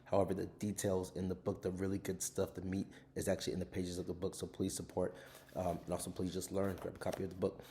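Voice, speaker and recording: A man's voice: low voice, monotone, fast, warm tone, a little hiss or hum. A man hosting a podcast, casually giving an overview of his own book in an earnest way and often adding tag questions. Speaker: author and podcast host.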